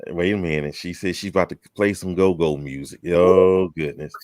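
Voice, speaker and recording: A man's voice: deep voice, moderate pace, darkish tone. A man hosting a chat show, welcoming guests one by one in a folksy, teasing manner. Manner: folksy, teasing, drawling southern talk. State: out of breath. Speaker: host.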